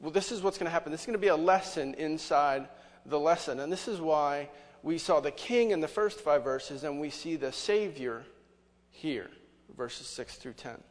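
A man's voice: a little high, moderate pace. A man preaching a sermon as pastor, conversational, with many rhetorical questions to the congregation. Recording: long hall reverb.

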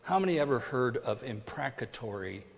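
A man preaching a sermon as pastor, emphatic and deliberate, his delivery swinging between hushed and loud. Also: medium pitch, big pitch swings, vocal fry, slight background noise. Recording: long hall reverb.

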